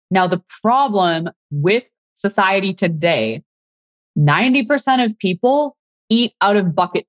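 A woman's voice: lowish voice, no room sound. A woman fitness coach hosting a podcast, talking in a chatty, upbeat way and speaking straight to her listeners. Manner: chatty, upbeat, keeps saying "you guys". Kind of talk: live podcast talk, reading out audience chat.

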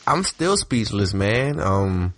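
Animated man, voice leaping around. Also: takes it slowly. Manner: animated, voice jumps high when excited. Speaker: podcast co-host. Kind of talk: casual sports chat.

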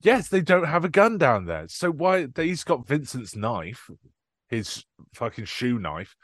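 Lively chatty man on a film podcast. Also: mid-range voice, unhurried, dry recording, studio quality. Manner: chatty, swearing, acts out lines from the film. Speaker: podcast co-host. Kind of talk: casual film podcast chat.

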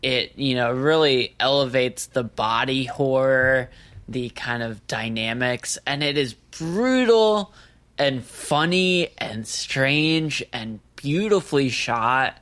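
Give me a man speaking slowly and deliberately about movies. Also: mid-range voice, animated, a bit bright. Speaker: podcast co-host. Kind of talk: casual film chat.

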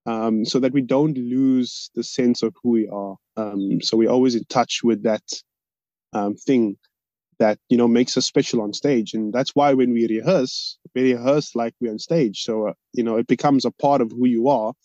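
A man in a band, talking on a podcast in an articulate, measured, reflective way. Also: medium pitch, fairly even intonation, mellow, no room sound. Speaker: band member. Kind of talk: casual podcast chat. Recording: dull, lo-fi sound.

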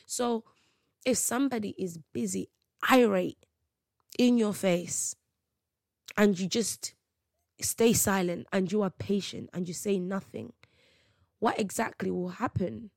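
Emphatic woman with gravelly voice. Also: mid-range voice, measured pace, pauses often, a little mellow, no room sound. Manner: emphatic, preachy, slangy storytelling. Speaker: podcast host. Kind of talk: faith podcast monologue.

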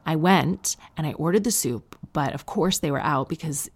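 A woman with a low voice and a gravelly edge talks to her listeners in a casual comic monologue. She sounds tired, and she jokes about herself with quick asides. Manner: chatty, joking and self-deprecating with quick asides.

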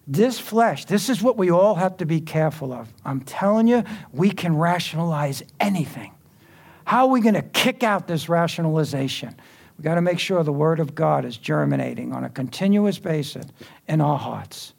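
Gravelly preacher guy, chatty sermon in church, voice a bit high. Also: expressive, moderate pace. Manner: conversational, quipping asides to the congregation.

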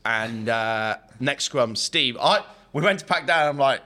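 A man with a bright, forceful voice tells a rugby anecdote. He is a former prop guesting on a podcast. He rambles and laughs as he goes. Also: medium pitch, expressive, a little slow, hardly any pauses. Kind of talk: casual storytelling.

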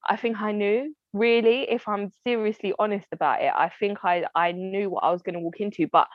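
A woman's voice: medium pitch, steady tone, brisk, no room sound. Candid woman, dry dull recording. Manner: candid, heartfelt, often acts out what family said. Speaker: interview guest. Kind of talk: personal storytelling in conversation. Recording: dry, slightly dull lo-fi sound.

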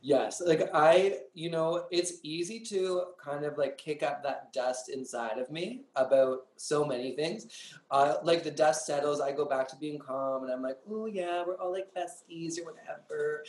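A man's voice: a little high, fairly even intonation, a little slow. A man, a drag queen guest, talking candidly and dramatically in an interview, full of swearing and acted-out quotes. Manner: profane, dramatic, acts out his own lines. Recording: roomy echo.

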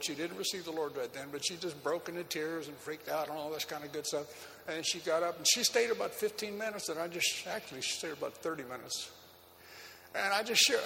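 A man preaching a sermon, telling a personal story in an animated, folksy way, with frequent laughs and fillers. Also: fairly high pitch, creaky, slight background noise. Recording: long hall reverb, faint background ambience.

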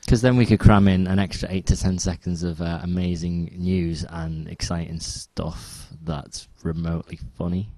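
A man co-hosting a podcast, chatting casually with dry, low-key banter. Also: steady tone, normal speed, few pauses, mellow, no echo. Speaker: podcast co-host. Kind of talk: casual chat.

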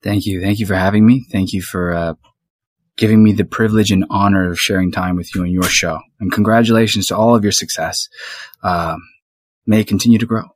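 A man's voice: fairly low pitch, fairly even intonation, a little fast, no echo, studio quality. A man being interviewed as a guest on a podcast, gracious and laughing easily. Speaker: guest voice actor.

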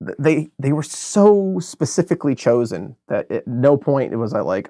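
An American man co-hosting a podcast, talking through a film review in a rambling, animated way with many fillers and restarts. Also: mid-range voice, normal speed, no room sound, clean studio sound. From United States. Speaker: podcast co-host. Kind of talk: casual film review chat.

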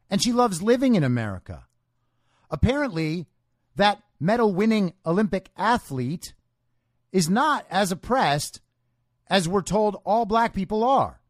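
A man's voice: high voice, dry recording, studio quality. A man hosting a podcast, giving an opinionated political commentary monologue. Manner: opinionated, emphatic. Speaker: podcast host.

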